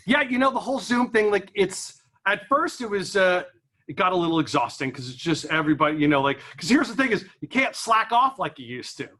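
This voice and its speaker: A chatty stand-up comic with a high, bright voice rambles through his set at an office gathering. He keeps cracking himself up between lines. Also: big pitch swings, brisk. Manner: rambling, chatty, laughs at his own jokes. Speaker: stand-up comedian. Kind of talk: stand-up comedy. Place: office event room.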